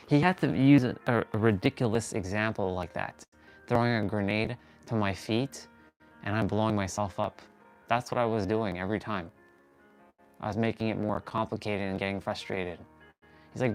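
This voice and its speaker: Male livestream host, lower register, earnest and meandering, thinks aloud while stretching on the floor. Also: normal speed, soft background music. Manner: earnest, rambling, restarts and corrects himself. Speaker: fitness and motivation livestream host. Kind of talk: motivational talk while stretching.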